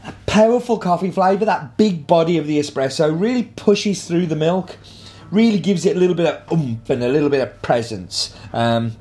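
A man's voice: mid-range voice, darkish tone. A man hosting a casual coffee tasting vlog, talking enthusiastically with plenty of fillers. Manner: enthusiastic, chatty, filler-heavy. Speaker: coffee roaster host.

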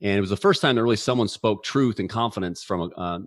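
A man in his forties, appearing as an interview guest, earnestly tells a personal story, often restarting and repeating words. His voice is lowish and he talks fast, recorded at studio quality with no echo.

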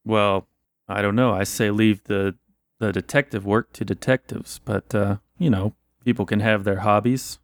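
A man voicing a blunt, suspicious 1920s police officer in a tabletop role-play, gruff and dismissive. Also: lowish voice, steady tone, moderate pace, no echo, studio quality, lightly acted. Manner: gruff, plain-spoken, dismissive. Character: blunt suspicious male 1920s Boston cop.

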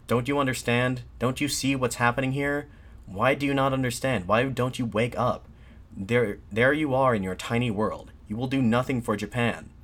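A man voicing a defiant middle-aged man haranguing soldiers, declaiming insistently and rising to shouts. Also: mid-range voice, steady tone, moderate pace, voice pushed up, close to an everyday voice. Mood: pleading.

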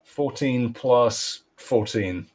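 A man's voice: mid-range voice, extremely slow, darkish tone. Casual man playing a tabletop game. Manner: casual, hesitant with fillers. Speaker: player. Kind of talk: tabletop role-play chat.

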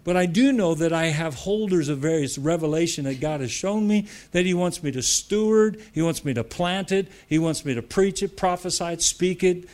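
Preaching to church leaders, a man from the United States uses a fairly high voice. He keeps things conversational with asides, repeats phrases for emphasis, and builds to loud, emphatic declarations.

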